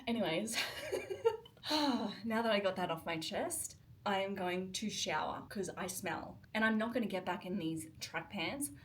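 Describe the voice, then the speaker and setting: A woman's voice: mid-range voice, animated, a little slow. A young woman vlogging from a hotel room, talking to her camera in an emotional, exasperated rant. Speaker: travel vlogger. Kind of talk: casual vlog talk to camera.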